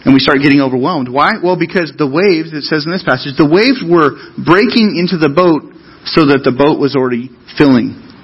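A man's voice: on the high side, normal speed, slightly rough, highs cut off. A man preaching a sermon as pastor, talking to the congregation in a loose, conversational, storytelling way.

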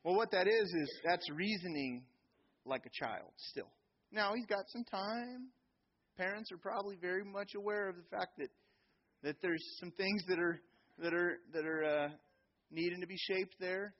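A middle-aged man preaching a sermon in a church, animated, sometimes acting out children's voices. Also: high voice, moderate pace, muffled recording, slight background noise. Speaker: pastor.

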